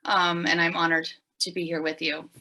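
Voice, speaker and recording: A middle-aged woman, a podcast guest, telling her story in an animated, emphatic way. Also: fairly low pitch, moderate pace, low-quality recording. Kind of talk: storytelling in an interview.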